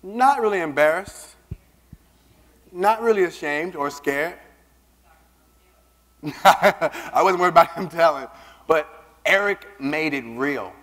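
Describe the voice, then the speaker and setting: A man giving a keynote speech, telling a personal story with lively, acted-out dialogue. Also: on the high side, slow pace, long pauses. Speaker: keynote speaker. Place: large conference hall. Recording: long reverb of a big hall.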